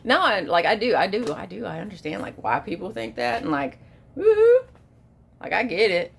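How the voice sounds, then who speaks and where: A woman talking straight to camera in a casual motivational monologue, emphatic and repeating herself, moving between hushed and shouted lines. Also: lowish voice, big pitch swings, fairly quick, gravelly, slightly rough. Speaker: vlogger.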